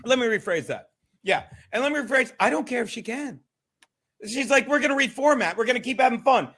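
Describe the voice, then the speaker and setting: A man's voice: very high-pitched, animated, brisk, pushed and bright. A man in a ranting clip, scolding and sneering in a combative way. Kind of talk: ranting clip played on a podcast.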